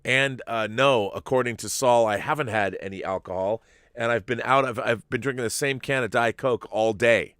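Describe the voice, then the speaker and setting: A man hosting a casual live-stream chat, rambling and animated, restarting his sentences, a little giddy and loopy. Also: mid-range voice, moderate pace, clear, resonant tone, no echo, clean studio sound. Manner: rambling and animated, self-interrupting. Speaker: show host.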